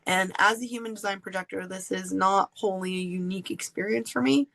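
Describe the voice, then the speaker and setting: A woman's voice: medium pitch, fairly quick, gravelly, rough recording. Candid woman telling a personal story. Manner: candid, animated, laughs often. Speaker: podcast host.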